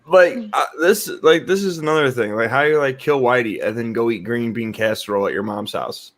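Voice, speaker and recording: A man's voice: medium pitch, a little fast. Joking man with lots of fillers. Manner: joking, filler-heavy talk. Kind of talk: casual chat.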